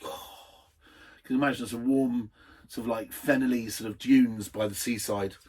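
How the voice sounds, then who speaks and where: A man's voice: medium pitch, steady tone, moderate pace, a little mellow, slightly rough, recorded from a distance. A man hosting a casual wine tasting, chatty and enthusiastic, wandering off into asides. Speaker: wine reviewer, host.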